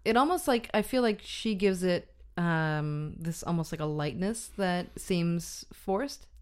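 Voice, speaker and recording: A woman's voice: on the low side, animated, slow, darkish tone, clear, resonant tone. A woman co-hosting a casual film review podcast, often chiming in with short murmurs of agreement.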